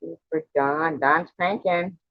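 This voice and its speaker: A man hosts a trivia livestream from home, teasing the players as he keeps score. He talks slowly in a slightly high voice. The stream audio is dull and dry. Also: fairly even intonation, vocal fry, no echo. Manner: chatty, teasing, scorekeeping aloud. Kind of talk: casual livestream chat. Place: at home with a cat.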